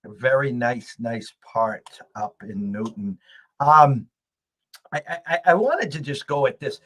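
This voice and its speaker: Man, mid-pitched, chatty host, stammers into his sentences. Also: expressive, unhurried, fairly bright tone. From United States. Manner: chatty, repeats words when starting sentences. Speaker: podcast host. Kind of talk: casual sports betting chat.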